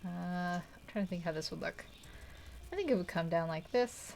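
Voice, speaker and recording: A woman's voice: lowish voice, normal speed, vocal fry, darkish tone, a little hiss or hum. A young woman hosting a live art stream, chatting casually and rambling while she paints, laughing often and poking fun at herself. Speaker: art livestream host.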